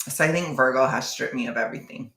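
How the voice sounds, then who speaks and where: A young adult streamer talking to the chat in a loose, rambling way, poking fun at themselves. The voice is full of fry and sits in a middle pitch. The sound bounces around an echoey room. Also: fast, bright, forceful tone. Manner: rambling, self-deprecating, jokey with frequent laughs. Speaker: livestream host reading chat. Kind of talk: casual livestream chat.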